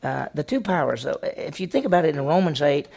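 A man's voice: fairly high pitch, big pitch swings, fairly quick, gravelly, darkish tone. A male senior pastor teaching a conversational church lesson, telling folksy stories and asking the congregation questions he then answers himself. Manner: folksy, tells personal stories.

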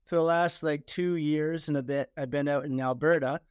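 Easygoing Canadian man with a clear voice. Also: on the high side, fairly even intonation, moderate pace, no echo, studio quality. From Ontario, Canada. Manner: easygoing, laughs often. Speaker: podcast host. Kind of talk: casual podcast conversation.

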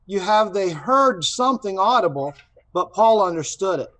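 A man's voice: high voice, animated, moderate pace, a bit bright. A man on a Bible study panel answering eagerly, repeating words as he jumps in.

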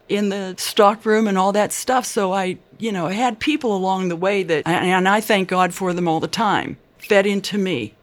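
Older woman, interviewee, earnest and chatty storyteller who quotes people. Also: medium pitch. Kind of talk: personal life story.

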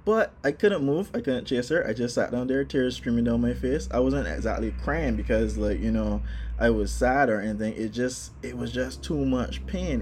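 A man casually telling a personal story, animated, acting out his own exclamations. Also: medium pitch, slight background noise.

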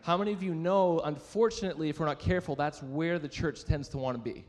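Young pastor preaching in a reverberant hall. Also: male voice, on the high side, fast, darkish tone. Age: young adult. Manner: conversational, self-deprecating storytelling with audience questions. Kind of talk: sermon. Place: church sanctuary.

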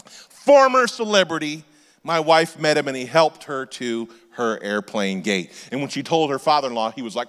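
A man in his forties, a pastor telling comic stories in a sermon and shouting his punchlines. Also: mid-range voice, normal speed. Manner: animated storyteller, shouting punchlines. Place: church auditorium. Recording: long hall reverb.

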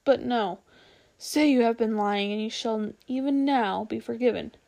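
A woman voicing a cruel, haughty witch queen in a storybook reading, giving slow, menacing commands. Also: fairly high pitch, gravelly, dark tone. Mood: cold, commanding. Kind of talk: storybook read-aloud.

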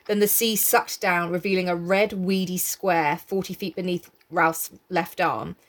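A woman's voice: on the low side, steady tone. A woman casually chatting and reading a novel aloud, laughing and swearing as she goes. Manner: laughing, sweary, breaks into quick character voices. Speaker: book club co-host reading aloud. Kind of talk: casual chat with read-aloud passages.

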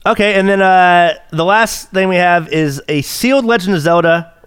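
A man's voice: high-pitched, normal speed, clear, resonant tone, no echo, clean studio sound. A young man hosting a podcast, chatting casually, joking and swearing freely. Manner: animated, profane and joking. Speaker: podcast host. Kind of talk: casual chat.

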